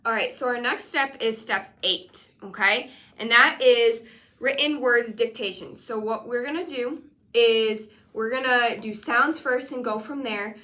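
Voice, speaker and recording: A woman teaching a one-on-one spelling lesson, patient and encouraging, sounding out letters slowly. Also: fairly high pitch, bright, forceful tone. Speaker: reading teacher.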